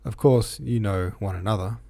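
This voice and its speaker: A man's voice: fairly low pitch, normal speed, creaky, dark tone. A man reading a novel aloud, voicing a rowdy, boisterous young lieutenant.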